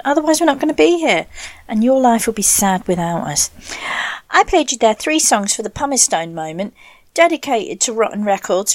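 A woman's voice: medium pitch, no echo. A woman hosting a casual radio show from home, rambling and self-deprecating with laughs and whispered asides. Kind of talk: casual chatty radio presenting. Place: bathroom, dry close-miked sound. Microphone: desk mic, knocked often.

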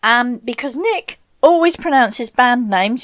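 A woman's voice: on the high side, animated, slow pace, few pauses, no echo. A woman hosting a casual radio show from home, rambling and self-deprecating with laughs and whispered asides. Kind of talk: casual chatty radio presenting. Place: bathroom, dry close-miked sound. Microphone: desk mic, knocked often.

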